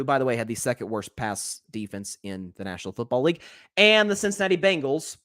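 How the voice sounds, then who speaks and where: A man hosting a sports talk show, giving opinionated solo commentary in an animated way, with frequent restarts. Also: fairly high pitch.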